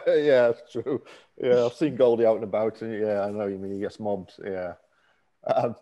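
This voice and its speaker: A male interviewer in his forties with a fairly low voice. He asks his questions chattily, stumbling and restarting as he goes, and keeps nodding along with short agreements. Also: moderate pace, warm tone, dull audio. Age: 40s. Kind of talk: casual interview chat.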